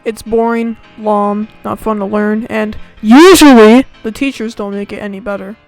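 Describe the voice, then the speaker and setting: A sarcastic American student woman rants on her channel with a gravelly, fry-laden voice. Her complaints are deliberately overblown and mocking. Faint music plays behind her. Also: medium pitch, fairly even intonation, a little mellow, dry recording, rough recording. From United States. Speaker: channel host. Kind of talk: comedic rant to camera.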